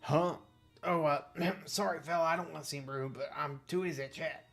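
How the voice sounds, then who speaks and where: Guy doing a frazzled park groundskeeper, overworked, a bit higher voiced, rushing. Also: fairly even intonation, creaky, a bit bright, soft background music. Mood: flustered. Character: overworked park groundskeeper man, flustered and harried.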